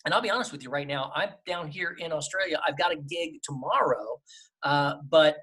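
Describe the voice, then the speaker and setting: A middle-aged man, a voice actor, giving emphatic, lively advice in a casual interview over a travel microphone. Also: fairly high pitch, brisk. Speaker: voice actor guest. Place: temporary remote setup away from home.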